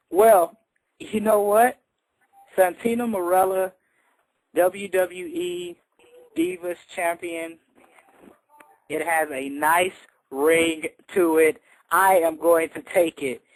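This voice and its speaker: A man's voice: sits high, fairly even intonation, takes it slowly, long pauses, dry recording, low-quality recording. A man co-hosting a radio show, chatty and confident, often laughing as he answers quiz questions. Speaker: quiz contestant and co-host. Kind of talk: casual radio chat. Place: radio studio.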